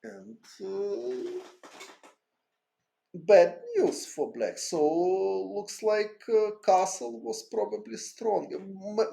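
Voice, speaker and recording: A man analysing a chess game aloud in halting, hesitant English, as a chess teacher. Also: high voice, expressive, creaky, mellow.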